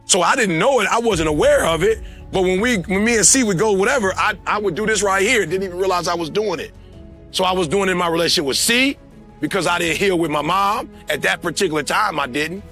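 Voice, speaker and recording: A man giving a motivational speech on a conference stage, talking emphatically and swinging from quiet, confiding talk to shouting. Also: high voice, husky. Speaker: motivational speaker. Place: conference stage before an audience.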